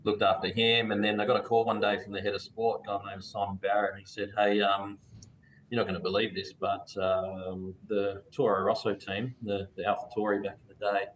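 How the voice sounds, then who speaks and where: A man from Perth with an Australian accent tells his story in a loose, casual way, full of slang and detours. His voice sits low and stays fairly even in pitch. A faint hum runs underneath the call audio. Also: a little fast, low-quality recording. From Perth, Western Australia. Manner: laid-back, rambling, casual slang. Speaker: guest. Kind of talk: relaxed storytelling interview.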